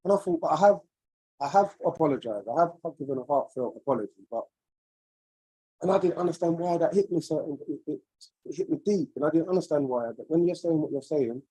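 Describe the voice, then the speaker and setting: A man's voice: fairly high pitch, lively intonation, fairly quick, mellow, breathy edge, no room sound, poor audio. A man on a video call, sharing a personal story in an earnest, searching, rambling way. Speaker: webinar participant.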